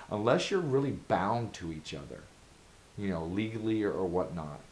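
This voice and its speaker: A man's voice: lowish voice, animated, normal speed, a little mellow, low-quality recording. A man vlogging advice straight to camera, earnest and emphatic, driving his points home with repeated rhetorical questions. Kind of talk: direct-to-camera advice monologue.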